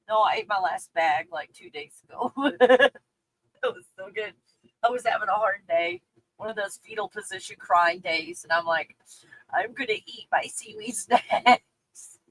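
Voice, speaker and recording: A woman's voice: mid-range voice, sing-song, unhurried, a bit bright, low-quality recording. A woman from Texas with a faint Texas accent, chatting casually on a livestream, reading viewer comments, swearing freely and laughing often. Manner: profane and candid, laughs often.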